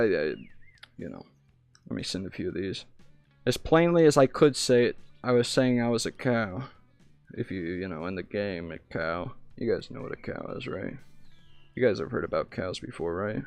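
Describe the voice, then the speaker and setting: A young American man rambles through stories in casual live-stream chat, frequently cutting himself off mid-sentence. His voice is lowish, with no room sound.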